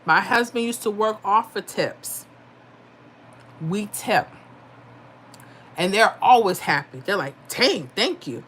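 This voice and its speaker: A woman's voice: medium pitch, expressive, slow, pauses often, fairly bright tone, a little hiss or hum. A middle-aged woman hosts a live stream in a casual, chatty way, reading viewer comments aloud. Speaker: livestream host giving lottery picks. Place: home.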